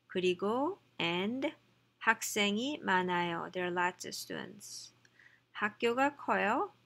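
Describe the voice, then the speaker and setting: A woman teaches a lesson in a bright, edgy voice with a gravelly fry underneath. She reads example lines quickly and then explains them at an unhurried pace, with casual asides and self-corrections along the way. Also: mid-range voice. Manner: reads Korean lines fast, then explains slowly in English. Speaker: Korean language teacher.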